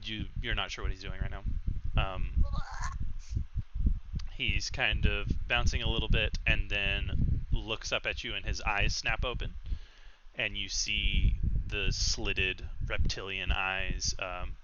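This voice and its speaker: A man narrating as game master, describing scenes in a halting way with many fillers. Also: lowish voice, flat delivery. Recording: muffled lo-fi mic with background noise.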